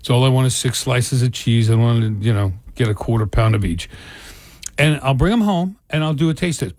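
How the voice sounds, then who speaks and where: An older man co-hosts a radio talk show in loose, rambling chat that keeps restarting and wandering into asides. His voice sits in a middle pitch. The studio sound is dry and close. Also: animated, normal speed, a little mellow, dry recording. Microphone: studio microphone.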